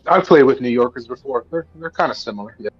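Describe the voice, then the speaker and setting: A man's voice: medium pitch, lively intonation, fast talker, slightly rough, soft background music. A man chatting casually on a gaming podcast, chiming in with short agreeing remarks. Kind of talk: casual chat. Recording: dull lo-fi mic, a bit distant.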